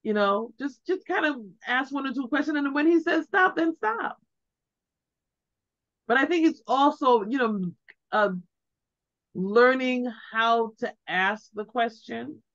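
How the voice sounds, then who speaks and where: A middle-aged woman, a guest on an interview, giving heartfelt advice in an animated way and acting out the questions she suggests. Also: high-pitched, unhurried. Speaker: interview guest, grieving mother. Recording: dull lo-fi sound.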